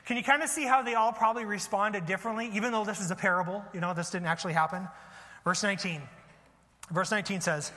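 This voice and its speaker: A male pastor delivers a lively storytelling sermon, often asking his listeners questions. His voice is high and bright. It rings with a long reverb in a church hall. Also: fast talker.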